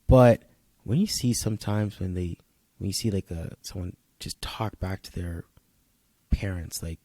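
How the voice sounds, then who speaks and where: A young man co-hosting a casual podcast chat, telling stories in a laid-back way and acting out what people said. His voice sits low and sounds dry and close to the mic. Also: measured pace, warm tone, no room sound. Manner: laid-back storyteller, acts out quotes. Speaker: podcast co-host.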